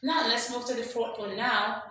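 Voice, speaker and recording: Woman English teacher, emphatic drills, bright clear voice, very echoey room. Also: on the high side, fairly even intonation, moderate pace. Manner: emphatic, drills examples aloud and quizzes listeners. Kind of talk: classroom lesson. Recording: strong echo, faint background noise.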